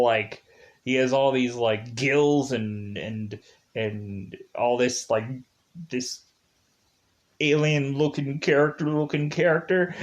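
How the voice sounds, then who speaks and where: A man talks through a film review in a loose, chatty way. He circles back on himself, leans on filler words, and jumps his pitch up when something excites him. His voice sits at an ordinary middle height for a man. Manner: rambling, filler-heavy, animated. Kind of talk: casual spoken movie review.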